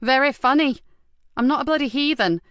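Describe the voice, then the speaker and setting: A woman's voice: sits high, a little fast, a bit bright, dry recording, clean studio sound, voice pushed up. A woman voicing a sardonic, hard-drinking female detective. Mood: sarcastic. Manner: sarcastic, defiant. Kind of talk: audiobook character voice.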